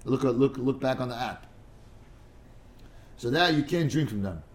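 A man teaches an informal study session in an expressive, mid-range voice at a measured pace. His talk wanders into digressions, stumbles on repeated words, and blends in Hebrew and Aramaic terms.

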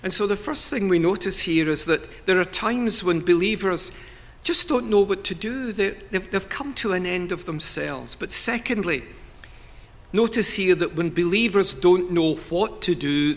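A man preaching a sermon in an earnest, deliberate way, now and then rising to loud cries as he quotes scripture. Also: high-pitched.

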